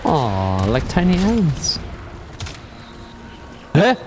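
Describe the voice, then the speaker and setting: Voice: mid-range voice, drawn-out words, noisy background. A streamer chatting casually and playfully during a gameplay livestream. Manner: playful and animated, with silly meowing bits.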